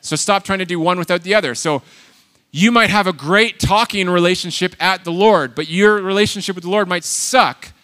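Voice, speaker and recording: A man preaching a sermon, animated and emphatic, swinging between loud exhortation and quiet asides. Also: high-pitched, normal speed. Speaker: pastor.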